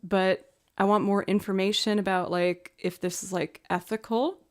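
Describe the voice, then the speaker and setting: A young woman chatting casually on her livestream, full of "like" and filler, now and then slipping into soft baby talk. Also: mid-range voice, steady tone, normal speed. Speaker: livestreaming musician.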